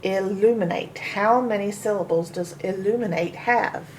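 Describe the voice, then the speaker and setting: A woman teaching a phonics lesson to children, sounding out each word slowly, syllable by syllable. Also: mid-range voice, a little hiss or hum. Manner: slow, sounding out syllables one by one. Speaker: reading teacher.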